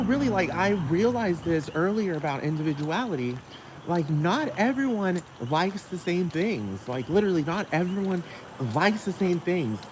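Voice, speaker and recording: A man hosting a one-man podcast outdoors, ranting casually with lots of profanity and constant "like" fillers. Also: on the high side. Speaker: podcast host. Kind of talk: casual rambling monologue. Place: outdoors near a road with passing traffic. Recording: loud outdoor traffic noise. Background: cars and street traffic.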